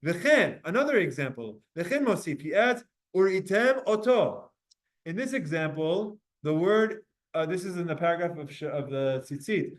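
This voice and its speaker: A man teaching a live Talmud class, slowly sounding out Hebrew phrases word by word to his students. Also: high-pitched. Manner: animated, drawn-out recitation of Hebrew phrases.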